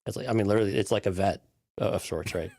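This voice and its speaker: A man's voice: on the low side, rapid-fire, a little mellow. A man co-hosting a podcast, casually talking through a TV episode and building his point step by step. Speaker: podcast co-host. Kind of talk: casual episode breakdown chat.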